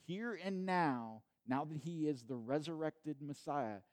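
A man's voice: a little high, a little slow, a little mellow. Man preaching in a conversational way. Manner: conversational preaching with restarts and repeated phrases. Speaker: pastor. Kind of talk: sermon. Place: at home during quarantine.

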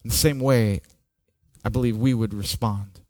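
A man preaching a sermon with slow, dramatic delivery, dropping to near-whispers and rising to loud peaks. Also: lowish voice, fairly even intonation, no echo, clean studio sound. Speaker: pastor.

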